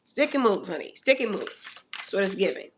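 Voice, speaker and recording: Sassy live tarot reader, woman, medium pitch, animated and teasing with lots of laughs. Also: fairly quick, a little hiss or hum. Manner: sassy, animated, calls the audience honey and darling; laughs often between remarks. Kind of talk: live astrology tarot reading.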